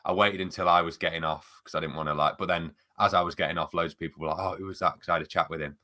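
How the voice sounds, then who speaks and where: A man's voice: low-pitched, steady tone, bright, forceful tone. A man co-hosting a football podcast, telling anecdotes in a chatty way. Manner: quick, chatty storytelling. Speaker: podcast co-host. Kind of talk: casual football chat.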